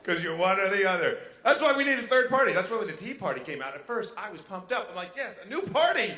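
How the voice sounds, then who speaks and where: A man doing a brash, animated stand-up comedy set on a casino stage, hopping into quick character voices. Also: high voice. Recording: echoey venue with faint ambience.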